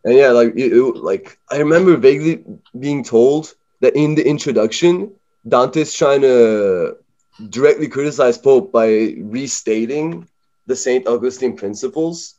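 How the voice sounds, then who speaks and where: A man's voice: mid-range voice, measured pace, warm tone, lo-fi sound. A man co-hosting a casual book discussion, talking in loose, joking rambles full of fillers. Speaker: podcast co-host.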